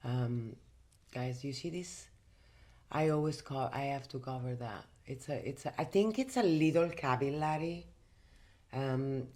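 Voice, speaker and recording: A woman's voice: extremely low pitch, darkish tone. A woman from Italy with an Italian accent, chatting casually in a makeup vlog from her bedroom, emphatic and full of fillers. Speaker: host.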